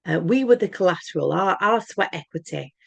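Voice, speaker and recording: A woman's voice: fairly low pitch, expressive, a little fast, gravelly, slightly rough, no echo. A woman talking in an earnest, emphatic monologue to camera, rambling and often restarting her words. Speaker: channel host.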